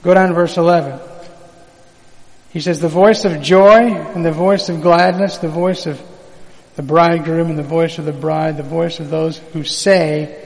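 A man's voice: fairly high pitch, steady tone, moderate pace, gravelly, in a large hall, low-quality recording. A man preaching a sermon, reading scripture aloud and drawing call-and-response from the congregation.

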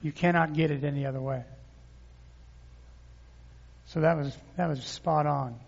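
Male pastor mid-sermon, energetic scripture reading, muffled recording with long reverb. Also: a little high, normal speed, vocal fry. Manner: lively preaching with crowd call-and-response.

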